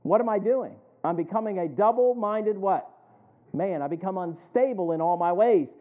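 A preacher voicing Eve, wavering and tempted. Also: male voice, high-pitched, expressive, moderate pace, pitched above the performer's own voice. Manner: wavering, persuading herself with questions. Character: Eve, a tempted woman talking herself into sin. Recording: thin phone-like sound.

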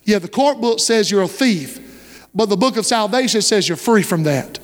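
High-voiced preacher in reverberant church. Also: male voice, animated, moderate pace. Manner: impassioned preaching, rising to shouts, call-and-response questions. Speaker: pastor. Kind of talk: sermon. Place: church sanctuary. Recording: long church-hall reverb.

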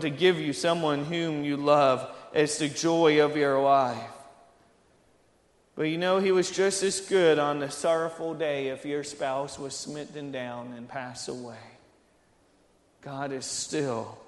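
High voiced guy preaching slow, earnest, gets loud at the peaks, roomy church echo. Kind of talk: sermon.

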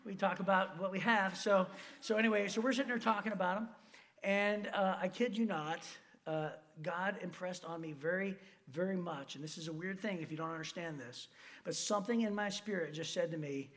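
A Michigan pastor preaches in a high voice and talks fast. His sermon is full of lively personal stories, complete with asides and voices he quotes.

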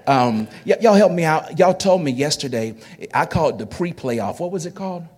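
In a church sanctuary, a pastor preaches a sermon to his congregation in a folksy, joking style, often repeating his words. His voice is fairly high with lively intonation, a normal speed, and a slightly mellow, slightly rough quality.

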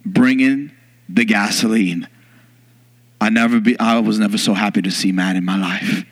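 A man preaching a sermon in church, telling a story with lively acted-out moments. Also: on the low side, moderate pace. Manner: animated storyteller, bursts into loud yelling in acted scenes. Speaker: pastor.

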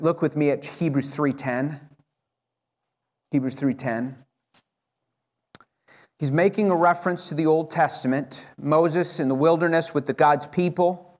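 A man's voice: on the high side, a little mellow. A male pastor preaching a sermon to his church, earnest and urging, often restarting his phrases as he presses a point. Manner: frequent self-corrections and restarts.

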